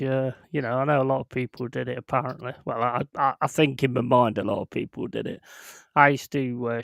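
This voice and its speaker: Gravelly-voiced man swearing through stories. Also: medium pitch, a bit bright, no echo, clean studio sound. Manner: swears heavily, laughs through rambling anecdotes. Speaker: streamer hosting a football watchalong. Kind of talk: casual chat.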